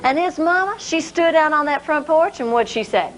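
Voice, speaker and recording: A woman telling a folk tale to a live audience in a folksy, expressive way. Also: high voice, moderate pace, heavy background noise. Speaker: storyteller.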